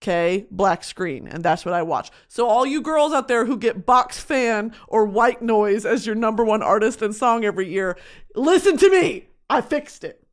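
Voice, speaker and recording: A woman's voice: mid-range voice, normal speed, hardly any pauses. A young woman hosting a podcast from her home studio, chatting casually and expressively, swearing often and mocking herself in exaggerated voices. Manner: expressive, swears a lot, mocking self-talk. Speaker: podcast host. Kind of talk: casual chat.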